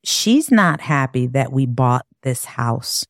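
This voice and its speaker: A woman's voice: very deep voice, expressive, slow, no echo, clean studio sound, heavily acted. A woman voicing her older brother as a boy, blunt and matter-of-fact as he warns her. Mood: blunt warning.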